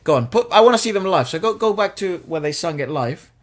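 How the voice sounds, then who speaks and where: A man's voice: high voice, lively intonation, fast talker. A man co-hosting a casual music reaction chat, reading song lyrics aloud and cracking jokes, swearing now and then. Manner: swears casually, jokey, uses British slang. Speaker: co-host reacting to music videos.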